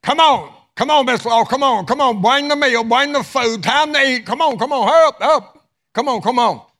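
A man's voice: very high voice, fairly quick, a bit bright, pitched above the performer's own voice. A man voicing a strict, perfectionist husband who hollers repeated orders at his wife. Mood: hollering, impatient. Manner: hollering, repetitive commands.

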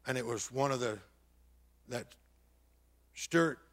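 Older preacher, loud-to-hushed storytelling. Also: male voice, medium pitch, slow pace. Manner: dramatic swings from loud to hushed. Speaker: pastor. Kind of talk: personal testimony storytelling.

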